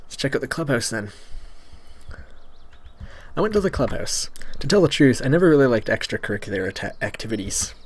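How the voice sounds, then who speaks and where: A man's voice: mid-range voice, sing-song, a little fast, long pauses, breathy edge. A man casually reading a visual novel aloud, stumbling over words and adding joking asides. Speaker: Let's Play host.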